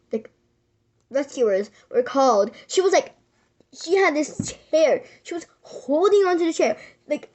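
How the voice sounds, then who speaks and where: A woman with a very high, light voice tells a story to camera in loose, casual chat. She rambles with many fillers and restarts and sometimes drops to a near whisper. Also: a little mellow. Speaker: vlogger.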